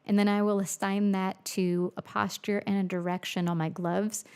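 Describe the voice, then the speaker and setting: A music producer livestreams from her home studio, her mellow, gravelly voice sitting in the mid-range with little pitch movement at a moderate pace. She chats casually while producing, thinking aloud and reading out viewer comments.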